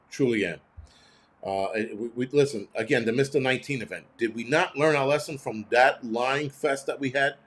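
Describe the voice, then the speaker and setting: A man hosts his own show in a heated, casual rant. He talks bluntly and profanely, firing off rhetorical questions at his audience. His voice sits at an ordinary middle pitch for a man. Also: fairly bright tone. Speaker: host. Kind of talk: casual ranting commentary.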